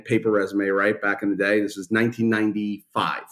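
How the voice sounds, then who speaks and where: A man's voice: on the low side, steady tone, a little fast. A man in his fifties, a company founder, telling a story in a casual and blunt way, swearing freely, in a podcast interview. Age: 50s.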